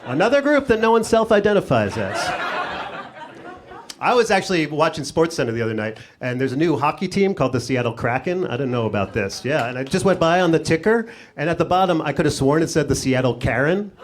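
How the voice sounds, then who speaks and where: A man's voice: fairly high pitch, big pitch swings, fairly quick. A middle-aged man doing a sarcastic stand-up set on a comedy club stage, talking into a handheld mic. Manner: sarcastic, riffing. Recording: noisy live club recording.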